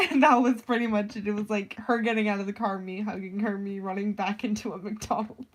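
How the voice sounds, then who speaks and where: A woman's voice: medium pitch, little pitch movement, fairly quick, few pauses. A young woman telling stories in a rambling, casual way, swearing freely and saying "like" constantly. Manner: rambling, profane, lots of "like". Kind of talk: casual storytelling vlog.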